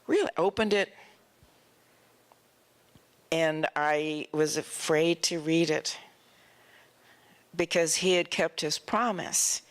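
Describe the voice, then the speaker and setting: A woman in the guest chair at an on-stage Q&A, telling stories with plenty of animation. She slips into the voices of the people she describes. The delivery is expressive and theatrical. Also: deep voice, slow pace, long pauses. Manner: animated, acts out voices in her anecdotes. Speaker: guest actress. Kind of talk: storytelling at an on-stage Q&A. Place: festival stage before an audience.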